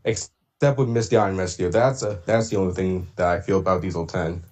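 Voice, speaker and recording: A man chatting casually on a livestream about doing voice impressions, rambling with many fillers and throat clears. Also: sits low, steady tone, fairly quick, a little mellow. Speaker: streamer and voice impressionist.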